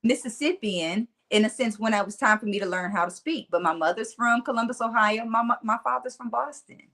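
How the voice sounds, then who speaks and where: Brisk and fairly high-pitched, a woman in her forties speaks with a Southern country twang. A motivational speaker, she recounts stories in a casual interview, animated and laughing a lot.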